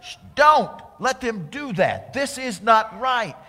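A man's voice: high voice, sing-song, takes it slowly, fairly bright tone, in a large hall, exaggerated voice. A man voicing indignant Pharisees, raised and insistent as they demand silence. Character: indignant grown male Pharisees, scolding.

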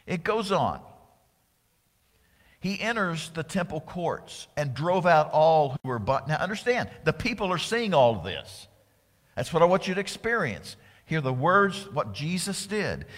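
Dramatic male preacher in an echoing hall. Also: on the high side. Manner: dramatic, swings from loud exclamations to unvoiced whispers. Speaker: pastor. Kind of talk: sermon.

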